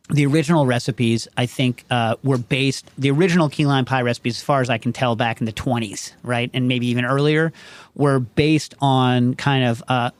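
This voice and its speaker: A man hosting a casual call-in show, rambling and digressive, constantly asking "you know what I mean" as he talks. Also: mid-range voice. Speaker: show host.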